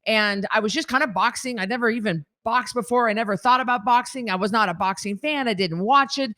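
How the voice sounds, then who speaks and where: A woman from northern Idaho, a guest telling her story in an interview with animated, emphatic delivery. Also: a little high, brisk, no room sound, clean studio sound. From northern Idaho, USA.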